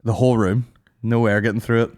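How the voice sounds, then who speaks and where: A young hungover man with a Northern Irish accent, hosting a crude, animated podcast chat full of swearing and mimicked voices. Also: medium pitch, quick pace. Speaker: podcast host. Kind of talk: crude casual banter.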